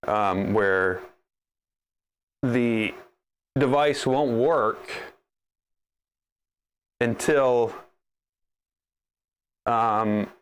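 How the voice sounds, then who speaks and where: A man's voice: mid-range voice, extremely slow, long pauses, smooth. A man hosting a casual live stream while troubleshooting his 3D printer, talking straight to the machine in a sarcastic, exasperated way. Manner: talks to the machine directly.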